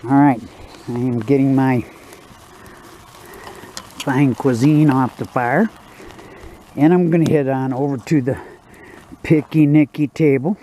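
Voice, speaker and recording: A man's voice: medium pitch, mellow, a little hiss or hum. A man narrating his own outdoor cooking vlog beside a campfire in the woods, in a folksy, joking, laid-back way.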